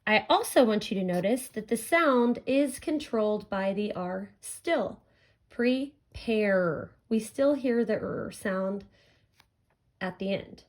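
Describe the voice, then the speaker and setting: A woman teacher giving a recorded phonics lesson to children, speaking clearly and drawing out each sound. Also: medium pitch, animated. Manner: slow, clear, stretching out sounds for young learners.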